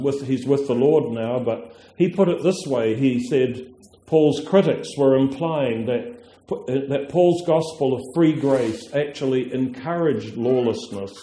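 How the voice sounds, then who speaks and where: Slow, mellow-voiced male preacher in an echoey hall. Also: mid-range voice. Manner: earnest, with frequent restarts and emphatic drawn-out phrases. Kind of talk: sermon. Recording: echoey room.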